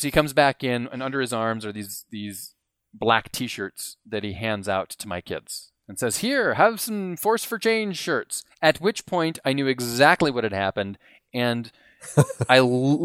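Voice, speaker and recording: A man as a podcast guest telling a long story in an animated, self-deprecating way. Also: medium pitch, measured pace, clean tone, no echo, studio quality. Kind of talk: casual storytelling.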